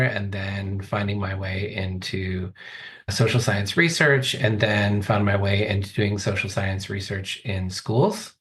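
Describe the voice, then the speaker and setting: A man's voice: on the low side, measured pace, fairly bright tone, slight background noise. A man in his forties, a coach, telling his life story as a podcast guest in a thoughtful, earnest way. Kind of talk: reflective interview talk.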